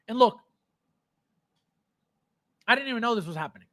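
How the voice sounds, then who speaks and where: A man's voice: extremely high pitch, lively intonation, normal speed, pauses often, bright, forceful tone, no room sound, studio quality. A man hosting a livestream, ranting bluntly and emphatically, repeating himself, swearing, and reading out viewer comments. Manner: emphatic, repetitive, blunt and profane; reads viewer comments aloud. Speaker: livestream host. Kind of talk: unscripted livestream rant.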